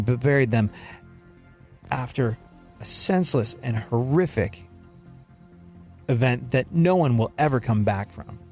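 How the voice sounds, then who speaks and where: A male show host delivering a comedic monologue, moving between sarcasm and earnest preaching. His voice sits at a mid pitch with a gravelly creak. Faint music plays under him. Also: darkish tone.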